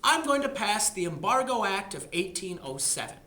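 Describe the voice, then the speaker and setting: Guy voicing a president thinking out loud, bright voice, echoey room. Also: high voice, sing-song, normal speed, full character voice. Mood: pondering. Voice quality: musing then decisive. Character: scheming male president thinking aloud.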